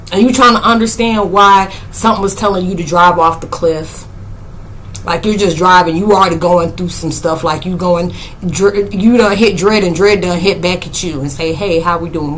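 Animated woman telling stories with laughs. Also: a little hiss or hum, poor audio. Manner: animated, laughs often, acts out quotes in high squeals. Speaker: spiritual vlogger. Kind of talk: casual storytelling monologue.

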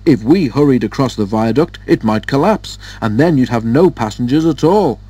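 A man's voice: medium pitch, animated, normal speed, warm tone, breathy edge. A man voicing a big male railway engine who snorts and blusters defensively in a storybook reading.

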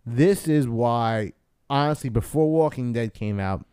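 A man's voice: medium pitch, measured pace, warm tone, smooth, dry recording, studio quality. A man co-hosting a casual comic book podcast, retelling scenes animatedly and acting out the characters' lines. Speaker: podcast co-host.

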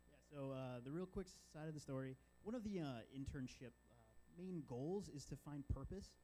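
Young man with a warm voice, giving testimony. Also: on the high side, moderate pace, poor audio. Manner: casual, many fillers like "like" and "uh". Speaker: church intern. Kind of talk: personal testimony.

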